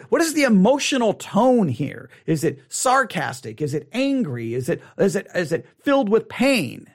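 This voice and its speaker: A man with a voice high for a male teaches a Bible study lesson in a casual way. His pitch swings widely as he mimics a reader's surprised reactions, and he often restarts and repeats phrases.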